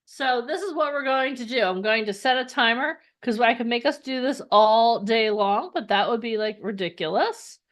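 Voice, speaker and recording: A woman's voice: fairly high pitch, normal speed, few pauses. A woman hosting a live virtual event, upbeat and chatty, leading the audience in an energy exercise. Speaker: event host.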